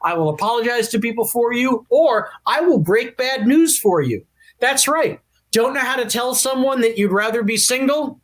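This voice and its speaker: High-voiced animated man telling a story. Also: normal speed. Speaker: actor guest. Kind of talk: podcast interview anecdote.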